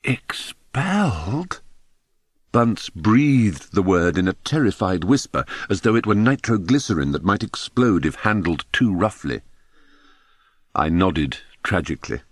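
A man's voice: deep voice, unhurried, dry recording. Wry man reading his memoir. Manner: wry, expressive storytelling. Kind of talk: audiobook narration.

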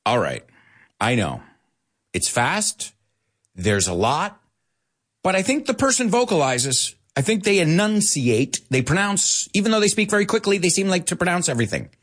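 A man hosting an English lesson in a chatty, lively way, dropping Spanish words in between and laughing often. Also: sits high, moderate pace. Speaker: English teacher and show host. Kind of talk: live online English lesson.

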